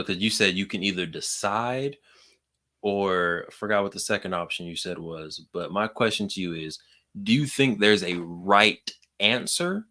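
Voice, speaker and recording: A man co-hosting a live podcast, with a bright, forceful tone on a slightly low voice. He talks quickly and casually, firing off questions and moving the show along. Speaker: podcast co-host.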